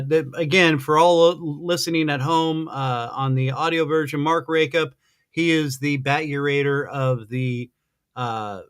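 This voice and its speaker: A man hosting a podcast, chatting in an excited, rambling way, gushing like a fan over his guest. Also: fairly high pitch, no room sound, studio quality. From American Midwest. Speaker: podcast host. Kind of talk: excited casual interview chat.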